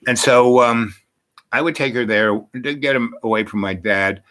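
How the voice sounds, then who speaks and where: An older man with a mid-range, fairly bright voice rambles through personal stories at a normal speed, casual and profane, full of fillers and restarts. He sounds achy, groaning from having sat too long.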